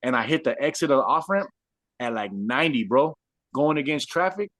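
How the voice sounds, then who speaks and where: A man's voice: medium pitch, fairly quick, dry recording. Slang-heavy man telling street stories, dry sound. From Southern California. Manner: animated, says "bro" constantly. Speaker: guest telling his life story. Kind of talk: casual storytelling with street slang.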